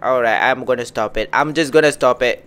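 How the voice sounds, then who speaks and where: A man giving excitable live gameplay commentary, talking to himself and his viewers with frequent exclamations. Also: mid-range voice, brisk, clear, resonant tone. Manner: excitable, lots of exclamations and self-talk. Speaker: gameplay streamer.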